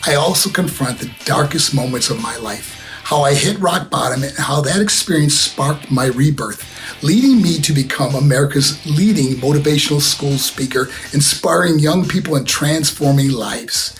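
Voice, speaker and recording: A man's voice: fairly high pitch, moderate pace, soft background music. A man, a former wrestler, reading a scripted, upbeat promotional spot for his own book.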